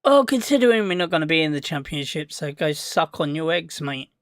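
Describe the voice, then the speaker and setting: A man's voice: a little high, sing-song, a little fast, no room sound, clean studio sound. A man hosting a live football watch-along, rambling casually and chatting back to his viewers.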